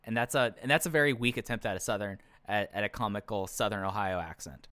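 A man's voice: on the low side, fast, sharp tone, dry recording, clean studio sound. A man co-hosting a podcast, chatting casually and with strong opinions, often restarting his sentences. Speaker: podcast co-host. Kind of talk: casual chat reviewing a wrestling show.

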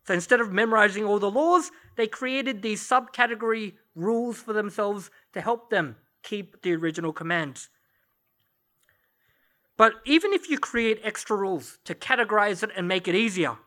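Bright-voiced male pastor preaching. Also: sits high. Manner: conversational, storytelling with light laughs. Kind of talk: sermon. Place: church service.

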